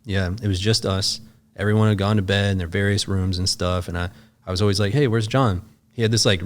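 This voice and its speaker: Guy on a podcast telling a story, lowish voice, swears a lot, says like constantly. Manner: loose and profane, full of "like" fillers. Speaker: podcast guest. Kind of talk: casual storytelling.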